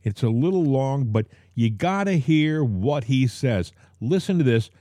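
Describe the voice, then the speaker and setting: A man's voice: mid-range voice, animated, measured pace, dark tone, no room sound, clean studio sound. A man hosting a talk podcast, speaking straight to his listeners and repeating the key points so they stick. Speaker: podcast host. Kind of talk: casual talk show chat.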